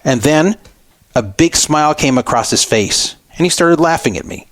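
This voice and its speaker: A man's voice: fairly high pitch, animated, moderate pace, noisy background. Aggrieved middle-aged man telling a story. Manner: aggrieved, re-enacting arguments. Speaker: radio show host. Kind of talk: storytelling monologue.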